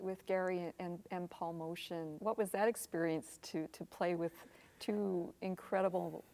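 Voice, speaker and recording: A woman's voice: lowish voice, steady tone, a little slow, mellow. Woman host asking questions. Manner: brief prompting remarks and follow-up questions. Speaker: interviewer host. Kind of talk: casual interview questions.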